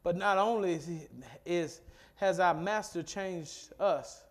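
High-voiced preacher man. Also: steady tone, slow. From Mississippi, USA. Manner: call-and-response preaching that swells from low and quiet to loud and fervent. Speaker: pastor. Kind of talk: sermon.

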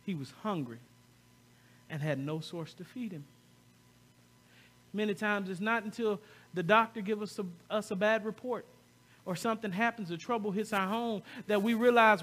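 A man's voice: high voice, moderate pace, pauses often, a bit bright. A male pastor preaching a sermon, often repeating words and calling on the congregation to respond.

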